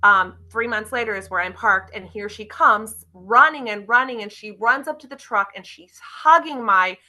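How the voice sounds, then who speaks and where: Bright-voiced woman telling animated stories. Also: a little high, moderate pace, rough recording. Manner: animated, acts out quotes in lively voices. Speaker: guest, car club member. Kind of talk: casual interview storytelling.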